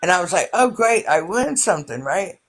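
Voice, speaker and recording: A woman's voice: lowish voice, sing-song, fairly quick, slightly rough, faint music behind. A middle-aged woman telling a story in casual chat, rambling with many fillers.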